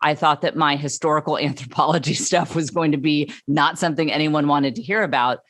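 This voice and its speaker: A woman, a comedian guest telling stories in an animated, emphatic way. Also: low voice, brisk, no echo. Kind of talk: casual interview chat.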